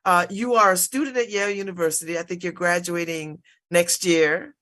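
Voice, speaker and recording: A middle-aged woman hosting a radio talk show, chatting with a guest in an effusive, halting way with many fillers. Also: on the low side, steady tone, a bit bright. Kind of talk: casual interview chat.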